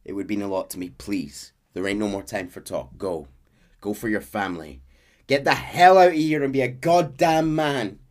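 Host voicing a gruff dying cowboy: low, quiet, earnest. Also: male voice, normal speed. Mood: grim.

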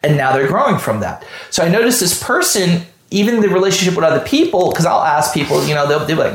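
A man with a slightly high, very animated voice talks quickly with few pauses in a casual conversation, blunt and heavy on swearing. He keeps stopping and restarting sentences as he works through his points, sounding like a manager explaining how he handles his staff, and the recording has a roomy echo.

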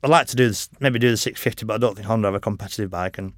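Speaking very fast in a fairly low voice, a middle-aged motorcycle racer rambles through stories as a podcast guest, swearing and laughing often. The casual interview has clean studio sound with no room sound.

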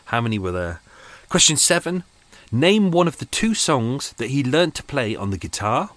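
A man hosts a podcast from a small room in his boat home, speaking to listeners casually and rambling with self-mocking comments. His mid-range voice is a bit bright with big pitch swings at normal speed, recorded with no echo.

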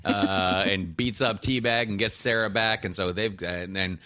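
Podcast host, male, low and bright-toned; rambling, playful storyteller who acts out lines. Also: steady tone, smooth, dry recording. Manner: rambling storyteller, acts out characters in quick asides. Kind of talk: casual chat recapping a TV show.

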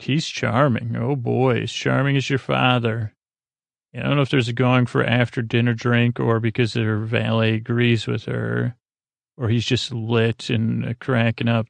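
A man with a heavily gravelly, fry-laden voice talks through a story recap in loose, rambling fashion. His pitch stays flat and unvaried, full of fillers and restarts. The sound is dry and close, with no room echo. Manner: rambling, filler-heavy, paraphrases characters in slang. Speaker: podcast host retelling an episode. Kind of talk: casual episode recap.

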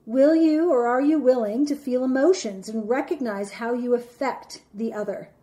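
A woman giving a reflective teaching talk about relationships, speaking in a measured, deliberate way and slowing down for emphasis. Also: fairly high pitch, mellow.

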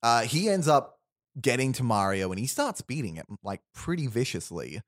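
His medium-pitched voice has a sing-song lilt and a moderate pace as he casually spins a made-up movie plot for friends. He rambles with restarts and quotes characters; the recording is dry and studio-clean.

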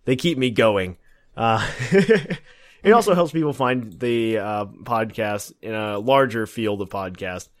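A man's voice: fairly low pitch, slow. Laid-back young male podcast host. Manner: relaxed, with lots of fillers, laughing easily. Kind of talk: casual podcast chat and mailbag reading.

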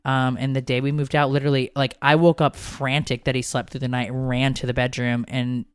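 Woman, 30s, casual podcast co-host; blunt, lively, smooth clear voice, dry close mic. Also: very deep voice, fairly quick, no echo. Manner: animated, blunt, swears freely. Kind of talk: casual chat.

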